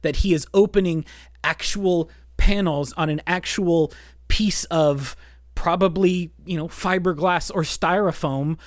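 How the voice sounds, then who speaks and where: Animated, dry-sounding podcast co-host. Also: medium pitch, no echo. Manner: animated, talks fast with many restarts and fillers. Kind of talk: casual film discussion.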